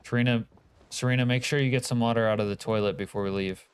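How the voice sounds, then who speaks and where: A man's voice: fairly low pitch, fairly even intonation, fast talker, smooth, no echo. A man from Canada streaming a multiplayer survival game, chatting casually with teammates and viewers, joking and swearing freely. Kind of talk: casual gaming livestream chat.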